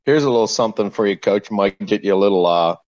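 A man's voice: lowish voice, fast talker, darkish tone, dry recording. A man, a pastor calling in to a show, telling a story in an easygoing, chuckling way. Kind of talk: casual call-in chat. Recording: dull, dry call-in line.

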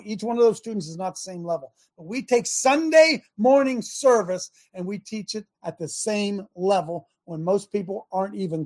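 Guy preaching on his talk show, fired up, yells to make a point. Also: sits high. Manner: fiery, preachy, shouts for emphasis.

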